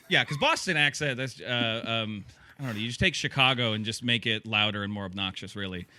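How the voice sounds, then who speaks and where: A man, the guest, chatting casually over a video call with deadpan, absurd jokes and rambling restarts. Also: mid-range voice, a little fast, no room sound.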